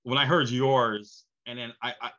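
A man's voice: mid-range voice, steady tone, moderate pace, pushed and bright, muffled recording. A man with a New York accent hosting an interview, talking enthusiastically and rambling with frequent restarts. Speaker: interview host. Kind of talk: casual interview chat.

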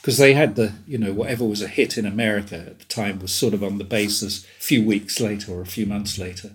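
A man's voice: fairly low pitch, fairly even intonation, fast. An older English man in his seventies, a guest telling stories in a rambling, amused way and laughing often. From England. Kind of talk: casual chat.

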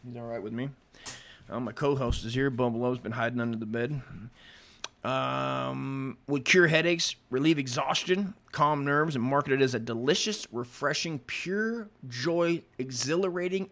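A man hosting a casual history podcast, with a voice of middling pitch. He reads from his notes, trips over longer words, and keeps drifting into crude, rambling side remarks. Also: a bit bright. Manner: profane, rambling, stumbles over written words. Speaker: podcast host. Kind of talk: casual history commentary, reading aloud with asides.

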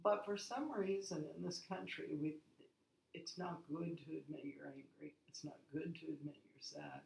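Gravelly woman in her sixties, lively. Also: low voice, moderate pace, roomy sound, rough recording. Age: 60s. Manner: lively storyteller, laughs often. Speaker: guest. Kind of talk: casual conversation.

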